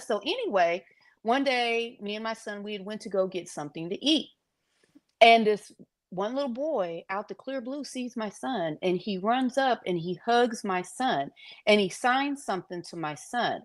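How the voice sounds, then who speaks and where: A middle-aged woman talks through family stories on a podcast. She is animated, often laughing and slipping into the voices of the people she quotes. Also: medium pitch, normal speed. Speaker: podcast guest, parent of a deaf son. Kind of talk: casual storytelling.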